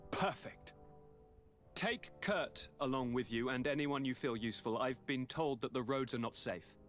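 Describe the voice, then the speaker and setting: An actor playing a courteous noble governor who speaks in a measured, courtly way. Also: male voice, medium pitch, a bit bright, soft background music, close to an everyday voice. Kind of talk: video game dialogue.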